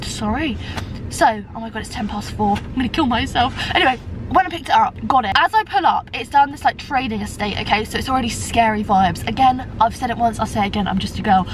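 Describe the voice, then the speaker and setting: High-voiced British woman rambling in her car. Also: quick pace. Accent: British English. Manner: chatty, rambling, self-deprecating, swears. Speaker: vlogger. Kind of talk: casual chat to camera. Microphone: phone camera. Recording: car interior with road noise.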